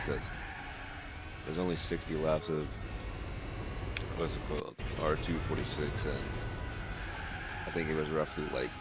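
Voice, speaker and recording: A man's voice: rumbling low, very noisy. A groggy man, just woken up, rambling casually through a gameplay voice-over with lots of filler words. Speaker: let's play host. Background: loud game music and engine sounds.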